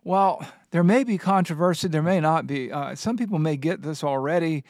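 A man's voice: a little high, normal speed, darkish tone, dry recording, clean studio sound. A man hosting a Bible discussion, reading passages aloud and teaching with earnest emphasis. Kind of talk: scripture teaching in a studio discussion.

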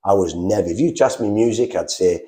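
A middle-aged man from England telling his life story in a casual, animated way, acting out the voices he quotes. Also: lowish voice, a little fast. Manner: animated, acts out quoted voices, frequent restarts. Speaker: guest telling his testimony.

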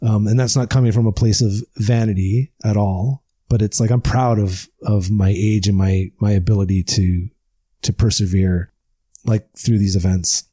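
A man's voice: lowish voice, fairly even intonation, moderate pace, mellow, breathy edge, no room sound. A man chatting casually over a video call about endurance cycling, rambling and stammering, often laughing. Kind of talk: casual chat.

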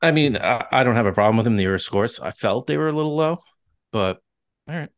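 A man's voice: mid-range voice, expressive, quick pace, no echo, clean studio sound. A man co-hosting a casual movie podcast, playful and giggly. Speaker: podcast co-host. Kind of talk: casual chat.

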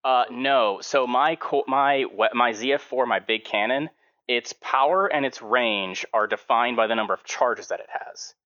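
A man's voice: mid-range voice, measured pace, sharp tone, highs cut off. A man playing a tabletop mech game, explaining his character's abilities step by step. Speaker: player.

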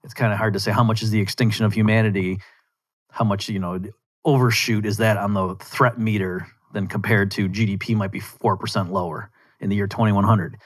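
A man's voice: fairly low pitch, steady tone, brisk. Argumentative man hosting a solo podcast. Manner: argumentative, conversational, with rhetorical asides. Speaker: podcast host. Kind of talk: solo political commentary.

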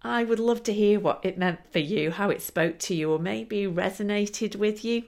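Expressive woman storyteller. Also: medium pitch, moderate pace. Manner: lively, expressive, laughing between lines. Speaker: storyteller and show host. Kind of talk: storytelling podcast narration.

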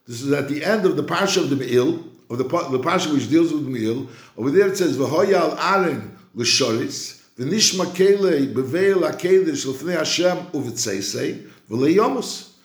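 A man teaching a Torah class, his voice sitting a little higher than most men's. He slows down to chant each quoted verse, then reasons through it in a searching way, often restarting his sentences. The room around him rings with a noticeable echo. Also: expressive. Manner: chants quoted verses slowly, then explains in quick back-and-forth; frequent restarts and repeated words while reasoning. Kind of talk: Talmudic-style lecture. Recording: roomy echo.

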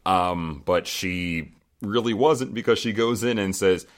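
A man with a very deep voice hosts a casual podcast. He talks in a loose, chatty way, laughing often and dropping the odd swear word. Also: unhurried. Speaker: podcast host recapping a reality show. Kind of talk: casual chat.

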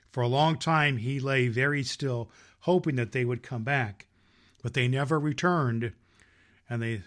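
Jolly man reading a children's story. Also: mid-range voice. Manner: lively storyteller, jolly, laughs at own jokes. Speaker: Santa Claus host reading stories.

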